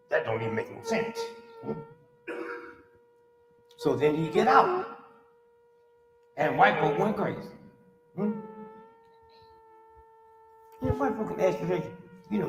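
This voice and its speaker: A man in his sixties performing a stand-up comedy monologue, animated and preachy, baiting the crowd with rhetorical asides. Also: fairly high pitch, unhurried, long pauses, noisy background. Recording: live hall recording, reverberant, music behind.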